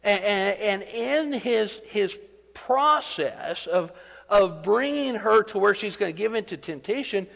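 A middle-aged man preaching in a church hall, his fairly high voice trailing off into a long reverb. He talks to the congregation like friends, mixing asides with rising, animated emphasis. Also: vocal fry. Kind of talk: sermon.

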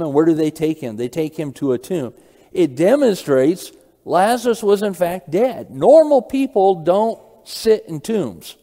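A man's voice: high-pitched, dark tone, big-room sound. A man preaching a Bible study sermon. He asks his listeners questions, repeats key phrases and reads verses aloud.

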